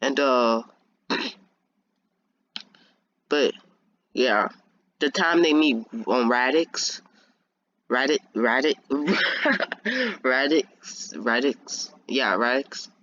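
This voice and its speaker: A man's voice: medium pitch, animated, very slow, pauses often, sharp tone, highs cut off, a little hiss or hum. A young man casually telling a fan story, rambling with many restarts and laughing at himself. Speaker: fan video creator.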